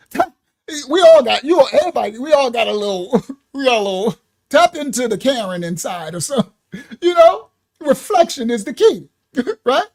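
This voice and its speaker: Animated woman preaching with lots of laughter. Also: fairly high pitch. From New York. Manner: laughs often, talks to the audience by name; slows down to stress single words. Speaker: minister. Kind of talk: livestreamed sermon teaching.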